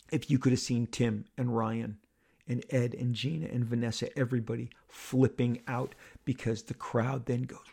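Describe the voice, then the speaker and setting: A man with a gravelly, middle-pitched voice tells a story on his podcast. He talks in excited bursts and slips into other people's voices as he goes. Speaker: podcast host telling a story. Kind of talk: animated storytelling monologue.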